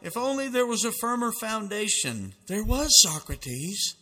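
A man's voice: high-pitched, very animated, unhurried, pushed and bright, slightly rough, long reverb tail. A man preaching a fervent sermon, reading out dramatic quotations with emphasis.

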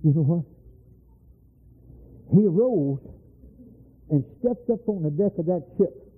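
Older preacher, husky and rough, swooping voice, folksy and fervent, on tinny old tape. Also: male voice, a little high, lively intonation, slow. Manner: impassioned, storytelling, folksy.

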